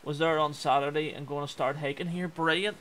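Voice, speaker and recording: 20s Belfast man, bright, slightly high voice, chatty game commentary with exclamations. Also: fairly even intonation, fairly quick. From Northern Ireland. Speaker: gaming streamer. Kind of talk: casual gameplay commentary chatting with viewers.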